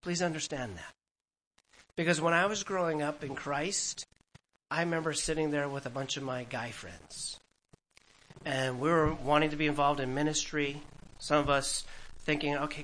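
Bright-voiced man in his fifties preaching. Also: a little high, normal speed, pauses often, slight background noise, low-quality recording. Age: 50s. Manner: conversational, animated, laughs at his own stories. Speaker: pastor. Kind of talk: sermon Bible teaching.

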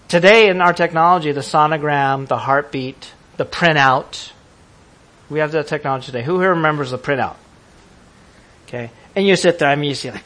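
A man preaching a sermon to a congregation, lively and laughing as he acts out how people would react. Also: on the high side, fairly quick. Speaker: pastor.

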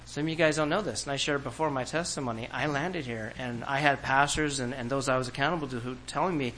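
A man's voice: mid-range voice, fast talker, few pauses, a bit bright, a little hiss or hum, poor audio. A man preaching a sermon to a congregation in a church, talking in a conversational way and acting out quoted voices. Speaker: pastor.

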